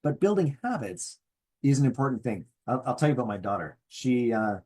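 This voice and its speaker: A middle-aged man gives a motivational business talk with a husky, slightly breathy voice. His pitch swings up and down a lot as he speaks. He talks in a folksy way and keeps checking in with his listeners. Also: a little fast. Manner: animated, folksy, checks in with "okay?". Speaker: presenter.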